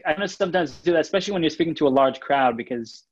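A man co-hosting a casual podcast chat, talking in an animated way and often restarting his phrases. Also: fairly high pitch, rapid-fire, highs cut off. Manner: animated, restarts phrases, reads listener comments. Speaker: podcast co-host.

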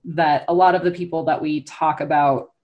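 A woman's voice: low-pitched, fairly even intonation, normal speed, highs cut off. A young woman talking through a topic in casual conversation, thoughtful and hesitant, with many fillers and restarts.

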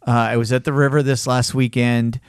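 A man's voice: medium pitch, fairly quick, clear, resonant tone, no room sound, studio quality. A middle-aged man on a podcast telling a long personal story in casual chat, acting out the voices of the people in it. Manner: animated, acts out voices in his story.

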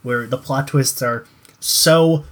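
A young man co-hosting a casual chat show reviews a show, rambling with restarts and lots of swearing. His voice is mid-range, and he takes it slowly.

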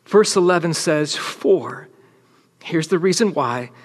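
Preaching a sermon to a large room full of people, a man speaks emphatically, then drops to near-whispers to stress a point. His voice is on the high side, husky and animated, his pace slow, and the sound carries a big-room quality.

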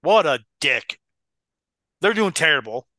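A man's voice: fairly high pitch, big pitch swings, a little slow, sharp tone, dry recording, clean studio sound. A man co-hosting a casual podcast watchalong, argumentative and joking as he talks over a match. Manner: argumentative, joking, breaks into laughter. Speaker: podcast co-host.

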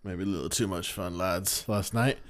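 Man, hungover, low voice, hesitant casual podcast chat, many fillers. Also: steady tone, moderate pace. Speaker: podcast co-host.

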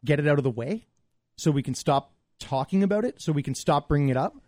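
A man's voice: on the high side, animated, fast, darkish tone, no room sound, clean studio sound. A man from Montreal co-hosting a casual sports chat, wry and teasing. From Montreal, Canada. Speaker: podcast co-host.

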